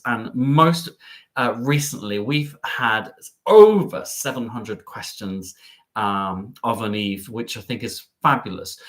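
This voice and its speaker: A man hosting a live travel stream, chatting cheekily with his viewers and letting his voice swing up and down. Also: fairly bright tone. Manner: cheeky, bubbly, jumps up and down in pitch.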